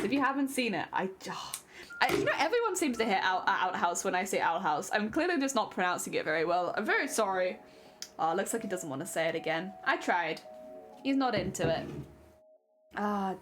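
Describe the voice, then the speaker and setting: A young woman streaming, chatting casually with her audience, laughing often and trailing off mid-thought. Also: mid-range voice.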